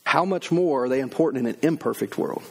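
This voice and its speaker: A man's voice: mid-range voice, lively intonation, fast talker, vocal fry, husky. A middle-aged man preaching a sermon, emphatic, acting out the voices of people he quotes. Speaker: pastor.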